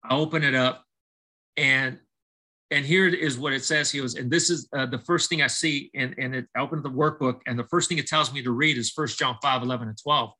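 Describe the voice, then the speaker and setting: A man's voice: medium pitch, brisk, low-quality recording. A middle-aged man, a baseball coach, telling his life story as a podcast guest and acting out the dialogue as he goes. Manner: animated storyteller acting out dialogue, many restarts. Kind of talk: storytelling interview testimony.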